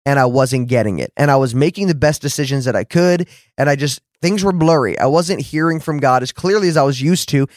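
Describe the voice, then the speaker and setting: A man hosting a faith podcast, teaching in an earnest, conversational way and acting out his own words with lively shifts. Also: mid-range voice, fairly quick, dry recording, studio quality. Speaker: podcast host and preacher.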